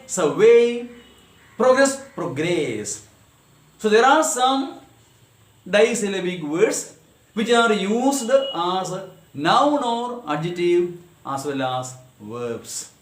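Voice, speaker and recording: An Indian English-speaking man teaches grammar in a high, lively voice that leaps up and down. He talks slowly and deliberately, exaggerating the stress on each example word. The sound is roomy and echoing. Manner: slow and deliberate, checks in with "Okay, na?". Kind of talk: recorded grammar lesson.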